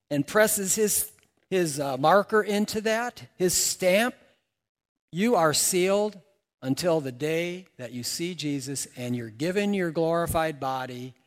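A man preaching a sermon to his congregation in an animated, joking way, asking them questions. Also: a little high. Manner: animated, jokey, asks the congregation. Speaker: pastor. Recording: long reverb of a church hall.

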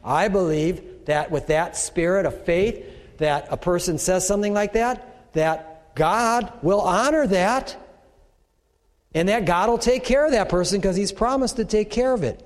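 A man preaching in an easy, talky way, often turning to the congregation with rhetorical questions. His voice sits a little above the usual male pitch. It rings out with the long echo of a large church hall. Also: unhurried. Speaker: pastor. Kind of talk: sermon teaching.

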